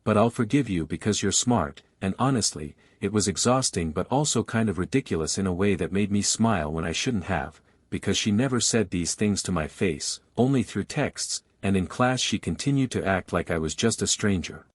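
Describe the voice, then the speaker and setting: A man telling a first-person romance story with a lowish voice, in long, unbroken sentences that keep a steady flow. The sound is dry and close, with no room around it. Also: normal speed, few pauses, slightly rough, dry recording. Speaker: narrator.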